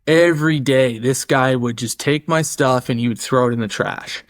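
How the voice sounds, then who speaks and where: A man's voice: mid-range voice, moderate pace, no echo, clean studio sound. A man as a podcast guest, telling a story in a casual way, acting out the voices of others and using many fillers. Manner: animated, acts out quoted voices, many fillers.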